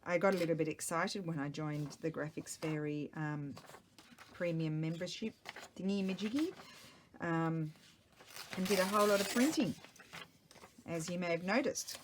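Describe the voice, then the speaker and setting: A woman's voice: on the low side, moderate pace, pauses often, slight background noise. A middle-aged woman, chatting casually and rambling to herself while she works on a craft project at home. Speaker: craft vlogger. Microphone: small microphone.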